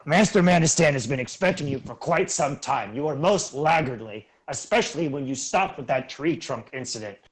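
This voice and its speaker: A man's voice: a little high, animated, moderate pace, few pauses, lightly acted. A man voicing a prim, pompous male gnome chauffeur in a tabletop game, speaking in stuffy, formal old-fashioned phrasing. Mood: haughty. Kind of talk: tabletop role-play voice.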